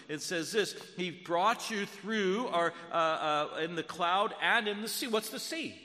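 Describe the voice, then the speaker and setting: A man preaching a sermon as pastor, moving between hushed storytelling and loud, fervent preaching. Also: high voice, unhurried, hardly any pauses, long reverb tail.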